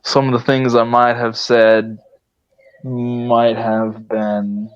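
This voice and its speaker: A man's voice: medium pitch, level tone, slow pace, smooth. Hesitant man with a dull lo-fi mic. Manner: hesitant, self-correcting. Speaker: player. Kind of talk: tabletop role-play.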